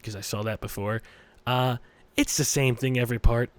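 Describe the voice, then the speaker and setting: A man's voice: mid-range voice, fairly even intonation, brisk, clear, resonant tone, no echo. A young man hosting a gaming video, reading a visual novel aloud with rambling, profane, joking asides. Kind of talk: let's play commentary reading a visual novel.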